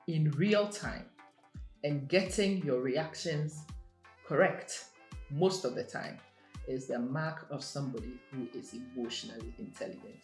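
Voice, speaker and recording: A woman speaks in a motivational monologue, measured and emphatic, driving her points home by repeating them. Her voice sits in a roomy, echoing space. Soft music plays faintly beneath her. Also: very deep voice.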